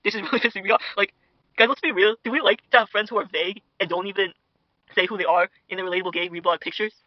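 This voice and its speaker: A man's voice: sits high, fairly even intonation, rapid-fire, no room sound, muffled recording. A young man rambling in a gossipy, mock-outraged way as host of a parody internet drama commentary, full of fillers and asides to viewers. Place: home dinner table. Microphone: podcast mic.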